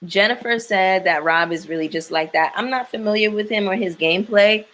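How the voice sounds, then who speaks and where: A woman's voice: mid-range voice, fairly quick, fairly bright tone, a little hiss or hum. A woman hosting a casual chat with her viewers, blunt and opinionated, swearing freely as she reacts to a reality show.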